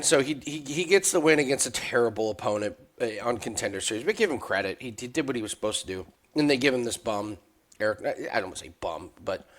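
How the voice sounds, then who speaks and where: An excitable man in casual podcast chat about fight picks. He laughs through his lines and stammers on restarts. His voice sits at a middle male pitch. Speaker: sports betting analyst.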